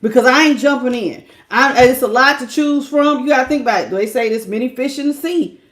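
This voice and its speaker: A woman's voice: sits high, fairly quick, fairly bright tone. A woman giving a live tarot reading, talking casually to her viewers, laughing often and calling them baby. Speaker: tarot reader.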